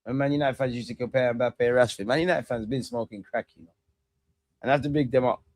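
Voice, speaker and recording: A man's voice: mid-range voice, fast talker. Streamer type: thirties man, loose slangy football chat, rambling banter. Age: 30s. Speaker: watch-along streamer. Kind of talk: casual live football watch-along commentary.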